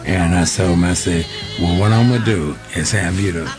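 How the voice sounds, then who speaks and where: A man's voice: low-pitched, normal speed, music in the background. An older man, a singer giving a radio interview, telling long stories and acting out the voices of the people he quotes. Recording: faint hiss.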